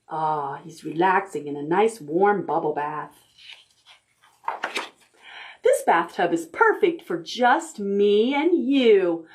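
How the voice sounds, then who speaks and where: Slow, gentle librarian reading to preschoolers. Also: female voice, lowish voice. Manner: slow, animated, pointing out pictures to children. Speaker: children's librarian. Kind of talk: reading a picture book to preschoolers.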